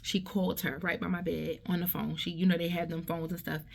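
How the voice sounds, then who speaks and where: Low-voiced woman telling a story. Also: little pitch movement, brisk, creaky, a little mellow, a little hiss or hum. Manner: conversational, tag questions and restarts. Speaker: vlogger. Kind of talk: casual storytelling.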